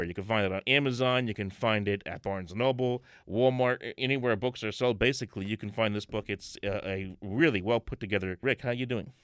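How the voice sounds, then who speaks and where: An upbeat male sports show host, chatting easily with his guest. His voice sits at an ordinary middle pitch and sounds close and dry. He talks in quick, friendly runs and often restarts his sentences. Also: fairly bright tone, clean tone, dry recording. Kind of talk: broadcast sports interview.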